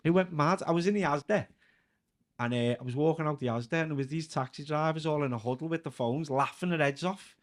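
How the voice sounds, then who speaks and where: A man's voice: on the high side, fast. Chatty Scouse man telling stories. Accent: Scouse (Liverpool). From Liverpool, England. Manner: chatty, breaks into laughter, leans on filler "like". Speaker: guest comedian and actor. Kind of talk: casual anecdotal storytelling.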